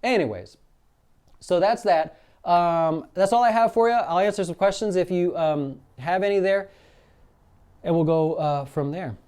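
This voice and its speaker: A man hosting a daily market update, talking casually and acting out quoted exchanges in an animated, fired-up way. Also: sits high, a little slow, smooth. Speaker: financial advisor hosting a daily market show. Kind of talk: casual live-stream commentary.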